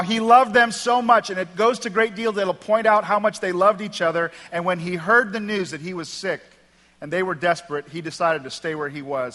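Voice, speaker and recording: A man's voice: high voice, fairly bright tone. A man pastor preaching a sermon in a church, reading scripture with emphatic delivery and wry asides. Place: church sanctuary. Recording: long hall reverb.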